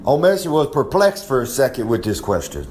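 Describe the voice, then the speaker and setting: With big pitch swings and a fairly quick, darkish delivery, a man cuts a wrestling promo in character, bragging about himself in the third person. He's a recurring segment guest and a drawling, rambling storyteller full of asides. There's a little hiss or hum.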